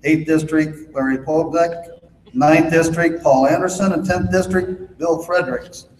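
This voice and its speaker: A man's voice: on the high side, fairly even intonation, a little slow. A man from Minnesota, the Boy Scout chairman, giving a convention speech and telling a folksy joke, with frequent fillers. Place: large convention hall. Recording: echoey convention hall, faint noise.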